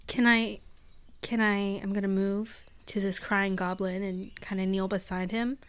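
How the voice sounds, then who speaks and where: A woman playing a tabletop game, speaking gently and hesitantly. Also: mid-range voice, level tone, unhurried, clean tone. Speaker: player. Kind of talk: tabletop role-play.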